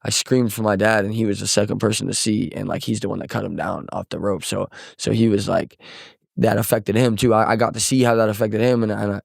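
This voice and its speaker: A young man from Missouri with a fairly low voice talks as a podcast guest, loose and rambling, full of "like" and "bro" and casual swearing. His tone is subdued and heavy. The sound is dry and close, with no room around it. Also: vocal fry, darkish tone, no room sound. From Missouri, USA. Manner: subdued and heavy when recounting loss. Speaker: podcast guest, songwriter and musician. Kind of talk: casual conversation.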